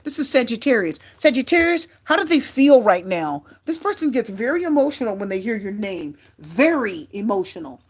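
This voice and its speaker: Tarot reader, woman, high-pitched, chatty and repetitive, talks straight to viewers. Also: sing-song, normal speed, few pauses, slightly rough. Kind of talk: casual tarot reading to camera.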